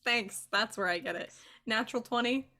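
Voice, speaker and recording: A woman's voice: a little high, normal speed, noisy background. A woman playing a tabletop role-playing game, chatting casually, laughing a lot and swearing freely. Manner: giggly, animated, swears freely. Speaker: player.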